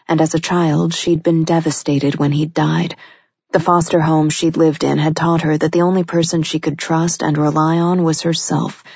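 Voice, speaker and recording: Low, gravelly woman reading a romance. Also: a little mellow, dry recording. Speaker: audiobook narrator. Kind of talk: scripted romance narration. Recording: dull, lo-fi dry recording.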